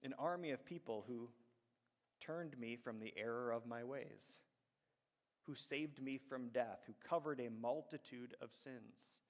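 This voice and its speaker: A man's voice: medium pitch, a little slow. Man preaching in a reverberant church. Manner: conversational storytelling, acts out quoted voices. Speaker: pastor. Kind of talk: sermon. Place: church sanctuary.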